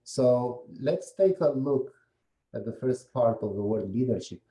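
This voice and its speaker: A man's voice: mid-range voice, lively intonation, unhurried, mellow, reverberant, poor audio. A man giving a meetup presentation, explaining slides one by one and putting questions to the audience. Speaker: guest presenter.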